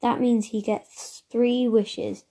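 A woman reading aloud, voicing a bossy young girl who is indignant and quick to correct others. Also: on the high side, little pitch movement, dark tone, pitched above the performer's own voice. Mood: insistent. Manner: indignant, know-it-all.

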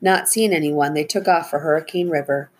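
A woman reading a children's adventure story aloud as narrator, with a husky voice. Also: a little fast, rough recording. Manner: raises her pitch for the children's lines, soft and low on tags.

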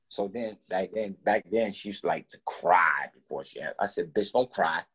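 A man guest telling a story in casual talk, animated and profane, acting out both sides of each conversation. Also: deep voice, moderate pace, few pauses, breathy edge.

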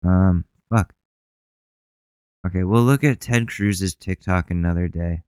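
This is a man with a low, smooth, crisp voice hosting a casual commentary podcast. He rambles, swears freely and has a sarcastic edge. The sound is dry and close. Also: unhurried, darkish tone, no room sound. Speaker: podcast host.

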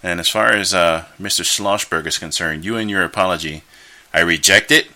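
A man's voice: low-pitched, brisk, bright, forceful tone. A man hosting a solo podcast, giving opinionated, rambling commentary with frequent fillers and restarts and bursts of scornful ranting. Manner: scornful rants. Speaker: podcast host.

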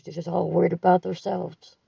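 Gravelly, husky woman venting into a phone. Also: on the low side, flat delivery, brisk, dark tone, dry recording. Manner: profane, bitter and grieving. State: tired. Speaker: caller leaving a voice message. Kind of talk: raw venting voice message. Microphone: phone voice recording. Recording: dull lo-fi phone audio, distant from the mic.

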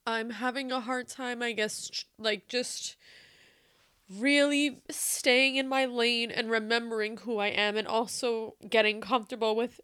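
A young woman speaks in a personal podcast monologue, candid and emotional, with lots of fillers and the odd swear word. Her voice sits a little high and sounds smooth and clear. It is recorded close and dry, with no room sound. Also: steady tone, unhurried, fairly bright tone, dry recording. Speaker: podcast host.

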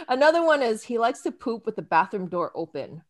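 A woman's voice: fairly high pitch, a little slow, a loud crowd. A woman co-hosting a podcast, telling stories with a lot of giggling in casual chat. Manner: giggly, animated storytelling. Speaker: podcast co-host.

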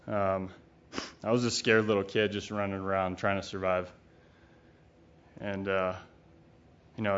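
A middle-aged man giving a candid, rambling personal recovery talk, blunt and often profane, with many fillers. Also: lowish voice. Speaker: speaker at a recovery retreat. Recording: dull lo-fi recording.

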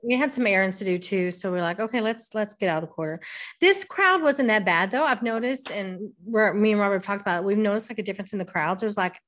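A woman's voice: medium pitch, lively intonation, fast, hardly any pauses, a bit bright. A middle-aged woman, chatting on a podcast, telling stories with frequent laughs and casual swearing. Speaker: podcast co-host. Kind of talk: casual chat.

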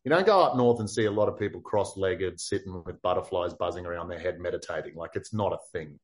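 A man from far north Queensland with an Australian accent, telling a story as an interview guest in a lively, casual way, full of "like" and acted-out quotes. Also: low voice, quick pace. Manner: animated, acts out quotes, many "like" fillers.

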